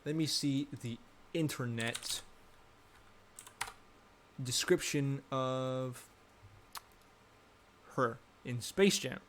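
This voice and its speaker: A man's voice: medium pitch, extremely slow, pauses often, a little hiss or hum. A young adult man giving casual, rambling commentary, thinking aloud and correcting himself as he goes. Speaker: vlogger.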